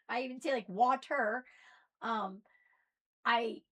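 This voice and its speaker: A woman with a mixed Southern and Northern American accent, delivering an impassioned, preachy monologue that swings between loud outbursts and soft asides. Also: high voice. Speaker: spiritual video host.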